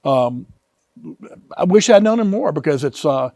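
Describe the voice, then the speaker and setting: Animated high-voiced man in his fifties. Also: unhurried, no room sound, studio quality. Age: 50s. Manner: animated, earnest, vivid retelling. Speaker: author and guest. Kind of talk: emotional personal storytelling.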